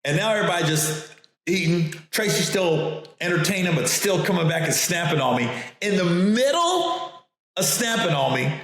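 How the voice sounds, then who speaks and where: A man, a comedian and host, telling a story in a casual, animated way, acting out the voices of others and laughing often. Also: high-pitched, moderate pace, creaky, heavy reverb.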